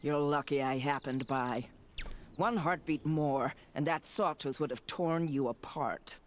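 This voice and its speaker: A woman's voice: deep voice, unhurried. An actress playing a stern, no-nonsense woman war chief in a video game, clipped and commanding. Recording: game audio with noise behind.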